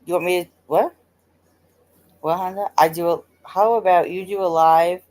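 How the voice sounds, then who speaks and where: A woman's voice: fairly low pitch, steady tone, normal speed, darkish tone. Chatty, swearing live-stream host woman. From United States. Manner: chatty, laughing, swearing freely. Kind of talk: casual chat with viewers.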